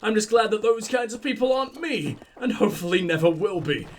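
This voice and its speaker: A man's voice: sits high, animated, brisk. A man hosting a let's play, giving casual gameplay commentary full of profanity and mocking jokes.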